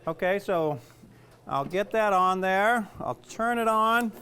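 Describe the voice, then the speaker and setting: A man's voice: high voice, takes it slowly, sharp tone, smooth. A middle-aged man with a Southern US accent, a chef giving a casual cooking demonstration, chatty and rambling with jokes at his own expense. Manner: chatty, rambling, self-joking.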